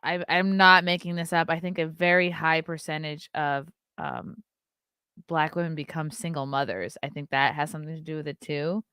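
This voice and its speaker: A woman's voice: sits low, fairly even intonation, moderate pace, pushed and bright, clean tone, no echo, studio quality. A woman hosting a podcast in casual chat, curious and questioning, with a matter-of-fact way of talking. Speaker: podcast host.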